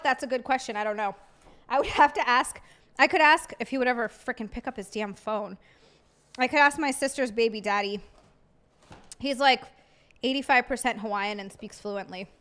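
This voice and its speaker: A woman's voice: on the high side, fairly bright tone, clear, resonant tone. A woman streamer chatting casually with her viewers while eating, often giggling. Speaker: live streamer. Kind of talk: casual live-stream chat.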